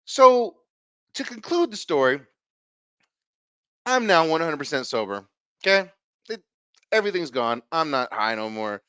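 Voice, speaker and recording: A man hosts his own podcast, telling a personal story with plenty of swearing and acted-out dialogue. His pitch swings widely as he gets into it, and the recording is close and dry with no room sound. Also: unhurried, pauses often, smooth, dry recording. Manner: animated, profane, acts out the dialogue. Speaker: podcast host. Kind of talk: casual storytelling.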